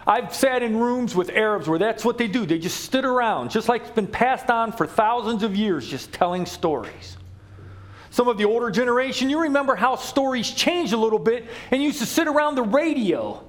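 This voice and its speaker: Animated preacher man with lively pitch. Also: moderate pace. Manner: animated storytelling with humor and asides. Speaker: pastor. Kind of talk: sermon.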